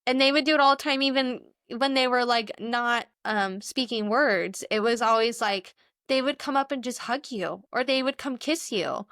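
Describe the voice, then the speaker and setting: A woman's voice: on the high side, moderate pace, fairly bright tone, no room sound, studio quality. A young adult woman co-hosting a podcast, talking in a rambling, earnest, chatty way. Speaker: podcast co-host. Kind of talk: casual chat.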